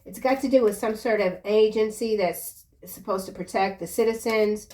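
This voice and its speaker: A woman giving a casual tarot reading in a chatty, slangy way, breaking into excited exclamations. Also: mid-range voice, normal speed, slight background noise. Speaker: tarot reader.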